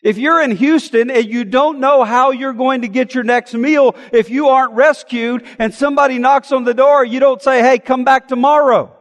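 A man's voice: very high voice, fairly even intonation, normal speed, few pauses, in a large hall. A man, a pastor, preaching a sermon in an earnest, emphatic way, often asking rhetorical questions.

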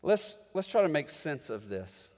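High-voiced preacher in an echoing hall. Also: male voice, very animated, a little slow. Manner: dramatic, swings between booming and hushed. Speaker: pastor. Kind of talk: sermon. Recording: long hall reverb.

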